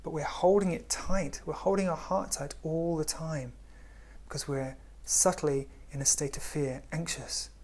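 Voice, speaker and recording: A man giving a spiritual talk in a gentle, unhurried way, often dropping to a hush. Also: a little high, steady tone. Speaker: spiritual teacher.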